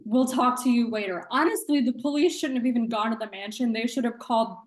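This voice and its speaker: Woman guest ranting on a podcast, fairly high voice, blunt, swears. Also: fast. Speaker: guest co-host. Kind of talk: casual chat.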